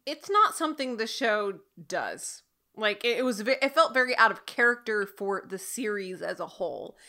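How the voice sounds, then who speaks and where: Bright-voiced young woman analyzing an episode. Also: medium pitch, lively intonation, normal speed. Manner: analytical, weighs characters thoughtfully. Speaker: podcast co-host. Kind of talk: casual chat recapping a TV episode.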